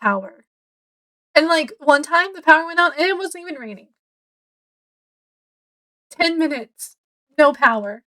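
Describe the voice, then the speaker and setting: Chatty high-voiced woman. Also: animated, unhurried, long pauses, fairly bright tone. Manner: rambling, chatty, many fillers. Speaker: book vlogger. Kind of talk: casual chat to camera. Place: home, indoors.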